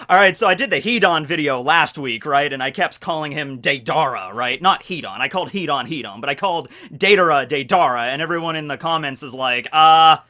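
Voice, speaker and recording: A young man talking casually and animatedly about an anime, rambling and poking fun at himself. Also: on the high side. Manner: animated, rambling, self-mocking with quick laughs. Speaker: anime discussion youtuber. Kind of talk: casual video commentary.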